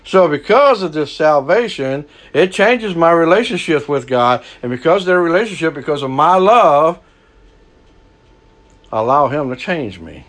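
A man's voice: a little high, moderate pace. Folksy man preaching with fire. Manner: lively folksy preaching, swings from hushed to loud. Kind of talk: sermon.

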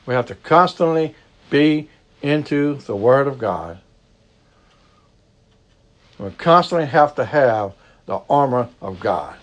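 A male Cajun pastor from the Southern United States preaches a sermon in a lively, swooping voice. His delivery is emphatic, repeating key phrases and dropping to a low, slow hush for stress.

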